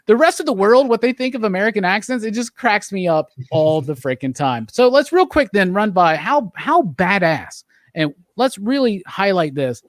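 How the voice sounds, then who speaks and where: A man hosting a casual movie review chat, talking with animated enthusiasm and leading the discussion. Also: high voice, normal speed, no echo, studio quality. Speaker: podcast host.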